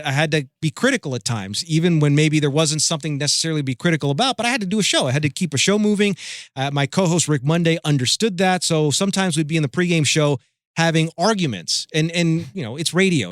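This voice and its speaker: A middle-aged man, a former sports radio host and now a guest, telling animated stories in a casual interview, with many restarts. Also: a little high, no echo, clean studio sound.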